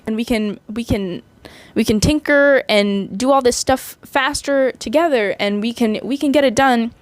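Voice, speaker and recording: A woman's voice: a little high, normal speed, no echo, natural voice. A woman voicing an earnest young female tinker fairy, speaking eagerly in her own voice.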